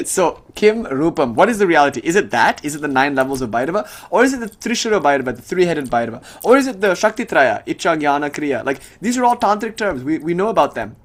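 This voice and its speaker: Man, young adult, casual explanatory lecture, easygoing, chatty, mid-pitched voice. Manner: relaxed and conversational, reciting terms from a classical language. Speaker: teacher of a spiritual tradition.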